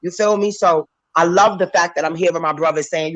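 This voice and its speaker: A woman's voice: on the low side, a little fast, dull audio. A woman calling into a talk panel, speaking emphatically and emotionally, close to tears, preaching and acting out voices. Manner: emphatic, animated, switches into character voices. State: tearful, emotional.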